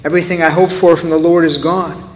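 A man preaching a sermon in an earnest way, with rhetorical questions and dramatic pauses. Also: a little high, flat delivery, in a large hall. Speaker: pastor.

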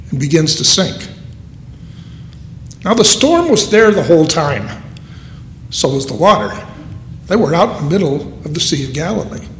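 Slow, high-voiced preacher in an echoey hall. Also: male voice, slight background noise. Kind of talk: sermon.

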